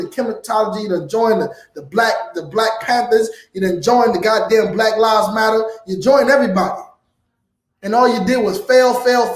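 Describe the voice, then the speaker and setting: A man preaching in a heated, blunt lecture, often ending his lines with "man". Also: high-pitched. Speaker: preacher teaching a class. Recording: echoey room.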